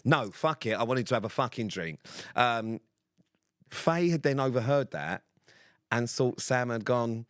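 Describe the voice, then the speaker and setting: A man's voice: mid-range voice, animated, a little slow, fairly bright tone, no echo, clean studio sound. A man co-hosting a podcast, telling a story in casual chat with a British accent, blunt and sweary. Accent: British English. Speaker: podcast co-host.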